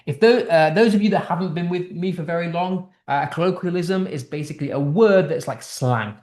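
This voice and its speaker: A man's voice: fairly high pitch, brisk, a little mellow. Chatty tutor man in an echoey room. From United Kingdom. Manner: chatty, explaining text line by line, with restarts. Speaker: English literature tutor. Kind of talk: casual online lesson.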